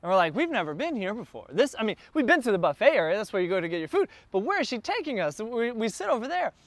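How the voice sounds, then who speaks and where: A man telling a casual travel story, chatty and getting more excited as he goes. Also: high-pitched, quick pace, dry recording.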